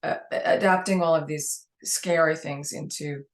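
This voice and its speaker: A woman's voice: low-pitched, fairly even intonation, normal speed. A woman with a New York accent, a guest telling long, rambling anecdotes in a casual interview.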